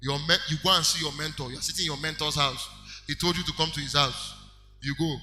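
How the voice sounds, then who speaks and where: A man preaching a sermon, animated and acting out little conversations as examples. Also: a little high, quick pace. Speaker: pastor. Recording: echoey hall with faint music.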